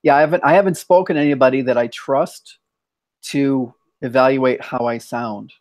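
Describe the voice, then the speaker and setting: A man's voice: medium pitch, moderate pace, darkish tone. An American man hosting a casual online chat, thoughtful, often restarting his sentences. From United States. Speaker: host.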